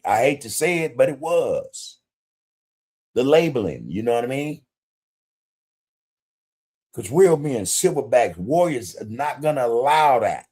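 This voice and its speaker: Hosting a casual podcast livestream, this man has a medium-pitched, warm voice with a breathy edge. His talk is blunt and profane, packed with street slang, and he shouts out viewers in the chat.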